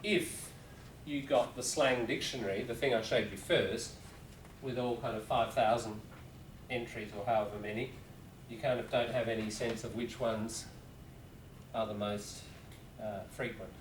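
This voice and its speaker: A man's voice: mid-range voice, fairly even intonation, a little slow, slight background noise. A man teaching a class in a casual, rambling lecture with asides to students. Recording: roomy classroom, voice from a distance.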